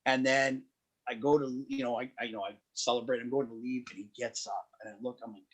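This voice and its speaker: A man guest on a podcast, telling road stories in a lively, animated way, often restarting his sentences. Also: medium pitch, fast, husky. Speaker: wrestling promoter and guest. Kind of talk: casual podcast storytelling.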